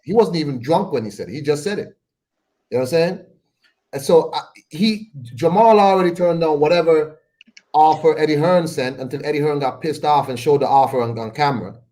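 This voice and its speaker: Brief: man, slightly high voice, chatty podcast guest retelling others' words. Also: warm tone. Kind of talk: casual chat.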